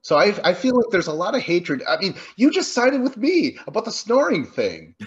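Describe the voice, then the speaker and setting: A man co-hosting a podcast, rambling and animated in a casual movie review chat. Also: sits high, normal speed, husky, muffled recording. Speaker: podcast co-host.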